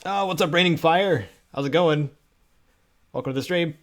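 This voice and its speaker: A man's voice: fairly high pitch, moderate pace. A man live-streaming, chatting casually and laughing often as he talks to viewers while editing. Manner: chatty, giggly, talks to chat while working.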